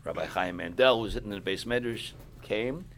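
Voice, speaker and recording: A middle-aged man speaking as a rabbi, giving a sermon to yeshiva students, clearing his throat often, repeating for emphasis, and sounding tired. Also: fairly low pitch, fairly quick, fairly bright tone, a little hiss or hum.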